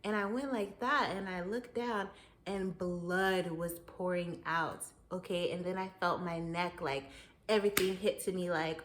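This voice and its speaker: A woman hosting her own show, telling a story in a casual monologue, animated and often breaking into laughter as she talks straight to the listener. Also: fairly low pitch, measured pace. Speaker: podcast host.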